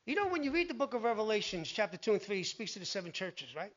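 A man preaching a sermon, animated, telling Bible stories and acting out the voices in them. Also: high-pitched, fast. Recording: dull lo-fi recording.

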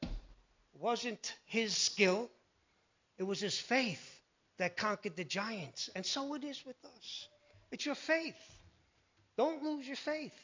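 A man preaching a sermon, animated, telling Bible stories and acting out the voices in them. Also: very high-pitched. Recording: dull lo-fi recording.

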